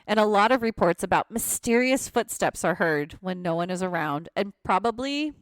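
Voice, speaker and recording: A woman shares haunted-place history in a loose, chatty way, breaking off to laugh and comment. Her voice swoops widely in pitch as she tells it. The sound is dry and close, with no room around it. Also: normal speed, no echo. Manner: animated storyteller, laughs often, asides. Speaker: podcast co-host telling ghost stories. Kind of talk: casual chat, reading history notes.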